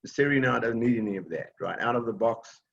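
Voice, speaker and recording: Gravelly man teaching an online class. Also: medium pitch, brisk, a bit bright, lo-fi sound. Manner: patient, plain explaining with many fillers and restarts. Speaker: technology class instructor.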